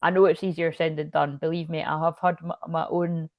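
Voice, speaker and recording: A woman's voice: sits low, little pitch movement, brisk, a little mellow, dry recording. A woman doing a casual tarot reading as a psychic medium, talking in a rambling way, breaking off mid-sentence and laughing often, with hiccups. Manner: rambling, self-interrupting, chatty with frequent laughs.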